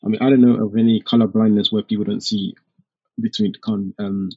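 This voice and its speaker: A man's voice: fairly low pitch, fairly even intonation, fairly quick, breathy edge. A man co-hosting a podcast, talking earnestly in casual discussion and thinking aloud as he goes. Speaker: podcast co-host. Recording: slightly dull lo-fi recording.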